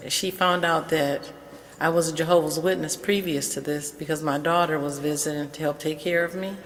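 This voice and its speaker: An older woman calmly telling a personal story on a call-in show, quoting the people in it. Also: low-pitched, big-room sound, a little hiss or hum. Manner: unhurried, quotes dialogue in her story. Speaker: caller sharing an experience. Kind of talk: casual storytelling.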